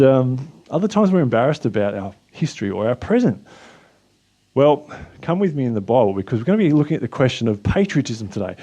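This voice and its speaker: A man with an Australian accent hosting a casual Bible talk, relaxed and chatty with frequent fillers. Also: mid-range voice. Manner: relaxed, chatty, lots of uh and restarts. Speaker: host and Bible teacher.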